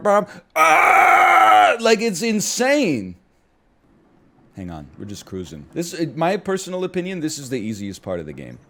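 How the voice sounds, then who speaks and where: Young man, casual gaming chat, jokey rambling, animated pitch. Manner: jokey, trails off into riffs and bursts into mock screams.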